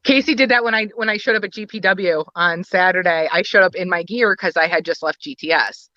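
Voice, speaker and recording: A woman's voice: on the low side, a little fast, sharp tone, dry recording, lo-fi sound. A woman talking about her work as a wrestling booker and valet in a casual podcast interview, a chatty storyteller who laughs often.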